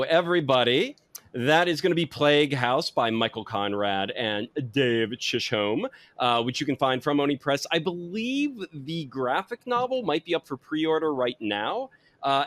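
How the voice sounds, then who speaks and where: A man's voice: medium pitch, animated, measured pace, fairly bright tone. Guy hosting a wine and comics podcast, loose rambly plugs, keeps correcting himself. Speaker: podcast host. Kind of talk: casual podcast chat.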